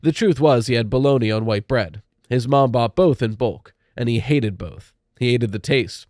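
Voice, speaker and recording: A man narrating a spooky young-adult audiobook in a steady, measured storytelling manner. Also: medium pitch, no echo, studio quality.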